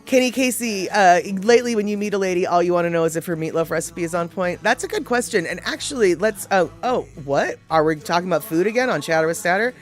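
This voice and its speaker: Lively chatty woman host. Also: fairly low pitch, fast talker, few pauses, soft background music. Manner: chatty, self-deprecating, opinionated. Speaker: live show host answering viewer comments. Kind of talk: casual chat.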